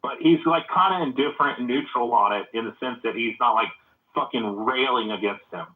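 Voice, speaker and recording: A man's voice: mid-range voice, fairly quick, reverberant. A man in a heated casual debate in a live audio chat room, telling rambling stories full of profanity. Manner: profane, rambling, animated storytelling. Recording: phone-like narrow audio.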